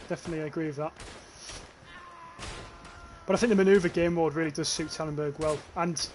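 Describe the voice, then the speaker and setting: A young man with a northeast English accent gives loose, chatty commentary while he plays a game live. His voice sits a little high for a man, and he swears freely and stumbles over restarts. There is a faint hum of noise behind him. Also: steady tone, a little fast. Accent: northeast English, near North Yorkshire. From northeast England. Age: young adult. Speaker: gaming livestreamer. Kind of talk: casual live gameplay commentary.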